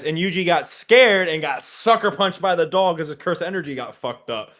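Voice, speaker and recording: Bright-voiced man recapping anime episodes. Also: normal speed. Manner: animated, acts out character lines in a high shouting voice. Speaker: podcast co-host. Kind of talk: casual recap chat.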